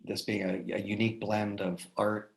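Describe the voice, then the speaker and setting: Low gravelly man telling stories. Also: moderate pace, low-quality recording. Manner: animated, lots of restarts and "right?" tags. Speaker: guest speaker. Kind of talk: casual conversational storytelling.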